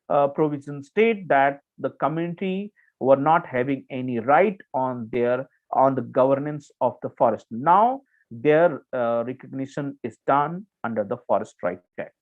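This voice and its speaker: A man's voice: mid-range voice, lively intonation, a little slow. A man with an Indian English accent teaching a current affairs class, explaining with many restarts and fillers and checking in with "okay". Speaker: exam coaching teacher. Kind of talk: online current affairs lecture. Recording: tinny phone-like audio.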